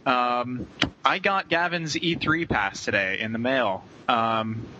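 A man's voice: mid-range voice, slow. A man hosting a casual gaming podcast, joking and laughing easily. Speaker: podcast host. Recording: slightly dull with faint noise.

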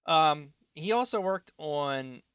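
A man co-hosting a casual podcast chat from home, rambling, self-deprecating, and quick to laugh. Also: a little high, animated, a bit bright, clear, resonant tone, no echo. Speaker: podcast co-host.

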